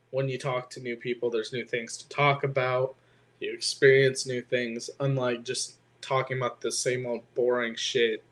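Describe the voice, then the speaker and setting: A teenage boy talks in a loose, rambling way, his sentences full of "like" and casual swearing. His voice sits at an everyday middle pitch for a young man, as he chats unscripted with a friend on a podcast. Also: fairly bright tone. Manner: rambling, filler-heavy, swears often. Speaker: podcast co-host. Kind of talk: casual chat.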